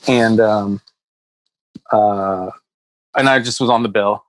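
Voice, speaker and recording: A man's voice: lowish voice, fairly even intonation, slow pace, low-quality recording. A man who is a comedian, telling rambling stories in a casual podcast chat and acting out quotes. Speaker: comedian guest. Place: West Hollywood.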